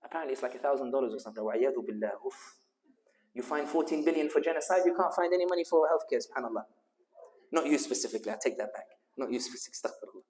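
A man's voice: mid-range voice, racing, darkish tone, long reverb tail. A man with a London accent giving a speech at a community dinner, mixing rousing rhetorical questions with humorous storytelling. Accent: London English. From United Kingdom. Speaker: guest speaker.

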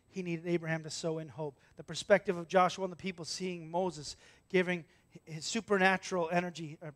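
High-voiced animated male preacher. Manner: animated storytelling, acting out voices, swinging from loud to hushed. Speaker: pastor. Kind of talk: sermon. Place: church.

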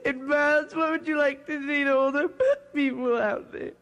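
A man putting on a talk show host with a high, crying lilt, from an old comedy skit cassette. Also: fairly even intonation, normal speed, fairly bright tone, highs cut off. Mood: smarmy. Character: nasal, sing-song male TV talk show host. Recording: roomy old cassette with faint hiss.

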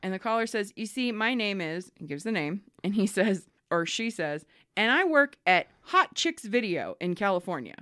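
A woman's voice: medium pitch, normal speed, hardly any pauses. A woman co-hosting a podcast, chatting casually and acting out voices while she tells stories. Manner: animated, acts out voices in stories. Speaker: podcast co-host. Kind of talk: casual storytelling chat.

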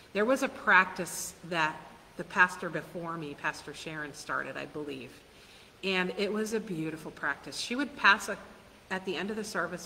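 A woman pastor preaches slowly and earnestly, her voice bright and clear. She poses questions to the congregation and laughs softly now and then. Her words ring in a long church reverb over a faint hiss. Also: fairly low pitch. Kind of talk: sermon. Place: church sanctuary.

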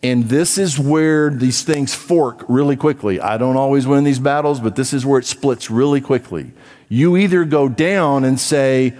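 A man preaching a sermon as pastor, emphatic, dropping to low asides and rising to loud urging. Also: unhurried, long reverb tail. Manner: emphatic, swings from low asides to raised exhortation. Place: church.

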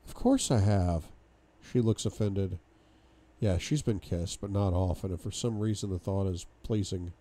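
A man's voice: low-pitched, fairly even intonation, moderate pace, warm tone, a little hiss or hum. A man reading a novel aloud for a book club, giving a dramatic first-person reading with sudden outbursts.

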